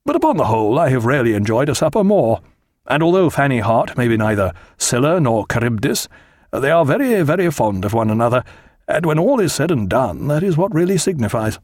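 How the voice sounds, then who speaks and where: A man's voice: mid-range voice, big pitch swings, brisk, a little mellow, dry recording, clean studio sound. A man doing a hearty naval captain. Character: hearty male naval captain, bluff and cheerful.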